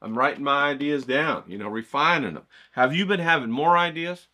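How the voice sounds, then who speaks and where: A man who teaches a casual video lesson, loud and profane, with lots of "okay?" and "bro", and he keeps going off on tangents. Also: fairly high pitch, fairly quick. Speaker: art course instructor.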